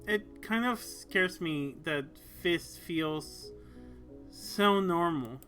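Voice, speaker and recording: A bashful young woman who yearns to be held, as a man puts her on. She speaks in a slow, soft, pleading way, pitched a little above his usual voice. The tone stays bright and clear. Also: soft background music, exaggerated voice. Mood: wistful. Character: shy, lonely young woman craving closeness.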